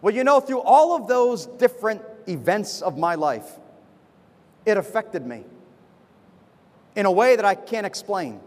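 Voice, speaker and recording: A man, a pastor giving a sermon from the pulpit in fast, animated personal storytelling. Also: high-pitched, long reverb tail. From United States. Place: church with a pulpit.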